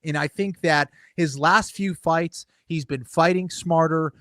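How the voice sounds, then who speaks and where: A man giving measured fight picks as a podcast co-host, with "you know" and "um" fillers. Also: fairly high pitch, pushed and bright, no echo, clean studio sound. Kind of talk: casual podcast analysis.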